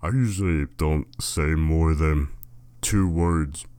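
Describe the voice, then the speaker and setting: A man's voice: extremely low pitch, slow, mellow, clean tone. A man rambling on in a casual monologue, reading a short entry aloud and adding dry, wandering asides full of fillers. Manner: meandering, dry joking, many fillers and restarts. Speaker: solo talker reading a fruit entry aloud.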